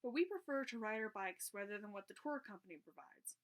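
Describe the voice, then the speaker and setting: A woman's voice: mid-range voice, lively intonation, fairly quick, lightly acted. A woman reading aloud, voicing a vague, apologetic tall young redheaded woman in a storybook.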